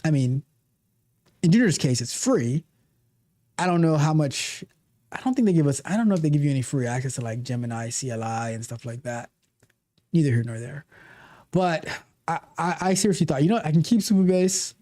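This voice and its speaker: Male livestream host. Mellow tone, casual and animated, loose repeating delivery. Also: fairly high pitch, brisk, long pauses. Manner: animated, repeats and restarts phrases. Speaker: livestream host, coding coach. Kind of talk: casual livestream chat, reading viewer comments.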